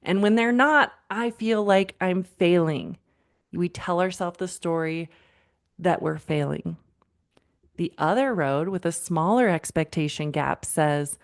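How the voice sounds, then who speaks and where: A woman in her thirties, a counselor hosting a parenting podcast, speaks slowly in a lowish voice. She talks warmly and conversationally, straight to the listener, calling them "friend" as she retells conversations with clients.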